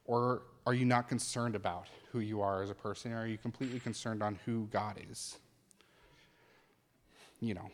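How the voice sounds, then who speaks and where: A man preaching a sermon as pastor, earnest and conversational, with animated asides. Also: on the low side, moderate pace, in a large hall.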